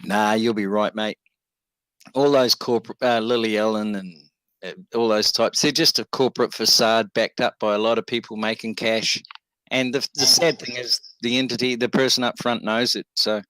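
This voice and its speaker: A man's voice: lowish voice, steady tone, normal speed, fairly bright tone, no echo, poor audio. A man co-hosting a casual talk show, laid-back and reassuring, with lots of ums and uhs.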